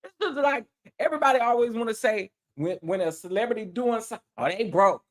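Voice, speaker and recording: Sassy, animated man hosting a live stream. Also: extremely high pitch, fast talker. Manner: sassy and animated, repeats phrases for emphasis. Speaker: livestream host. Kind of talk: casual live-stream commentary.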